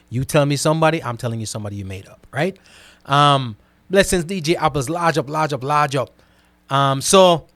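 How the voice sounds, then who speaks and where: Animated man chatting with a dry, close sound. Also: mid-range voice, no echo. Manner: animated, repeats words and asks "right?" often. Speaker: host reading live chat comments. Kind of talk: casual live-stream commentary.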